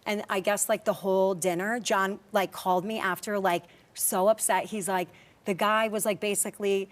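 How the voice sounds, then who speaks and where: A woman's voice: mid-range voice, fairly even intonation, moderate pace. A woman telling a personal story in casual talk-show chat, full of fillers and acted-out quotes. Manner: chatty, many "like" fillers, acts out quoted dialogue. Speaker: reality show cast member.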